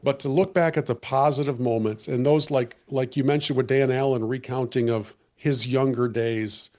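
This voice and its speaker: A man hosting a podcast conversation, earnest and reflective, often restarting his sentences, and slightly hoarse as he loses his voice. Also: mid-range voice, fairly even intonation, moderate pace, a little mellow. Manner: earnest, with frequent restarts and fillers. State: losing his voice. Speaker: podcast host.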